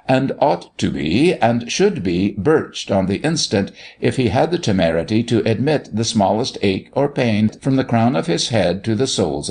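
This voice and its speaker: A man narrating a story in expressive, scripted storytelling. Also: fairly low pitch, vocal fry, slightly rough.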